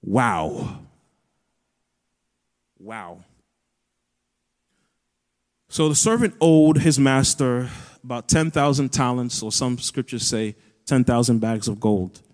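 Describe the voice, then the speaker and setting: A man's voice: mid-range voice, moderate pace, a little mellow. Earnest man preaching in a big hall. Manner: earnest, builds to raised emphatic peaks. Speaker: pastor. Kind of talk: sermon. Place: church auditorium. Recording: long hall reverb.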